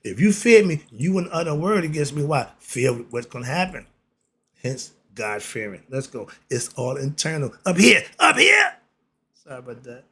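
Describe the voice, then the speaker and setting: A man hosting his own religious commentary, speaking, emphatic and preachy, reading passages slowly and then riffing on them. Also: fairly high pitch, animated, husky. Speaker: host.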